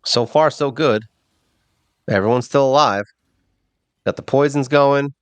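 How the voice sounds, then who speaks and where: A man hosting a mobile game channel, giving casual, rambling gameplay commentary and thinking out loud with a self-mocking streak. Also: medium pitch, unhurried, clear, resonant tone, no room sound.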